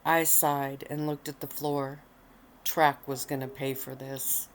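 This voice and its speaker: A woman softly reading her own story aloud at home, relaxed and unhurried, lounging on pillows. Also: extremely low pitch, slight background noise. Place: at home, lying on a bed of pillows.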